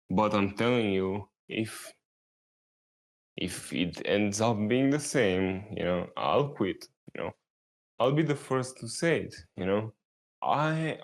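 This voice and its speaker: A young man rambling casually as a vlogger, laid-back and meandering, swearing now and then. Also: fairly low pitch. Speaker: YouTuber. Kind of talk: rambling casual vlog talk.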